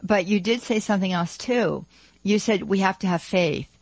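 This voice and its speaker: Man, radio co-host, gentle and pastoral, slightly husky, dry studio sound. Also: sits high, normal speed, no room sound, low-quality recording. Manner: gentle, pastoral, laughs easily. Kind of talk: call-in radio talk.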